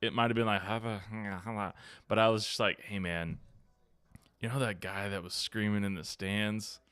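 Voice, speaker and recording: A man's voice: fairly low pitch, steady tone, moderate pace, a bit bright, clear, resonant tone, no echo, clean studio sound. A man hosting a podcast, telling a story in casual chat, acting out quotes and swearing freely. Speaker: podcast host. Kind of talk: casual chat, animated anecdote.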